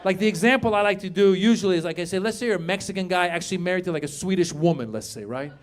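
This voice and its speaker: A man from Iran doing a stand-up comedy set, animated and shouting punchlines to the crowd on a club stage. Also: high-pitched, very fast.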